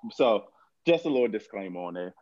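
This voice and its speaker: A man's voice: lowish voice, expressive, brisk, darkish tone. Blunt joking man on lo-fi audio. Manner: blunt, joking, street slang. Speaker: financial advisor, show regular. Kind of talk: casual podcast chat.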